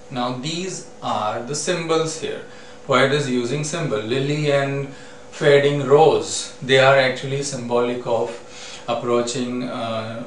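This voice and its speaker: A man explaining a poem in a lecture, speaking slowly and deliberately with frequent hesitations. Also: medium pitch, a bit bright. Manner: slow and deliberate, many fillers. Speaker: literature teacher. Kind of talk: poetry lecture. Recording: echoey room, mic at a distance, faint background hum.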